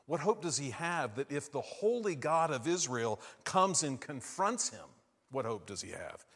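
A man preaching a sermon, asking his listeners questions and moving between hushed and loud, emphatic lines. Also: mid-range voice, big pitch swings, a little slow, breathy edge, big-room sound.

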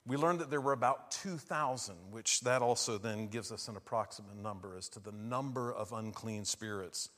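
Guy preaching in a big echoey hall, asks the crowd stuff, goes quiet then loud. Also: lowish voice, moderate pace, few pauses. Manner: questioning the listeners, swings from hushed to loud emphasis. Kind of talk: sermon.

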